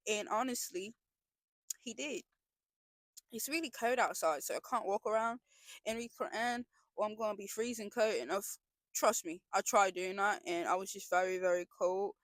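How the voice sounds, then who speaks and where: A woman's voice: mid-range voice, moderate pace, no echo. A young woman talking in a casual confessional vlog, earnest and emotional, rambling with frequent restarts. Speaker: vlogger.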